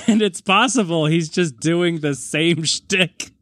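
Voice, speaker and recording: Male podcast co-host, slightly high pitch, dry mic, loose rambling delivery with frequent laughter. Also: takes it slowly, a bit bright, no echo. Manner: rambling, laughs often, acts out lines. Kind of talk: casual movie chat.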